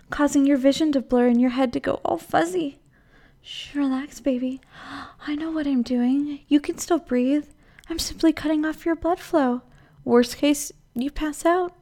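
A woman voicing a possessive, menacing motherly woman in an audio role-play, cooing and breathy. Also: sits high, a little mellow.

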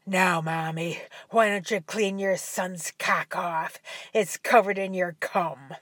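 A woman voicing a commanding young adult man in an adult audio story, with a breathy voice. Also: lowish voice, steady tone, takes it slowly, fairly bright tone, dry recording, studio quality.

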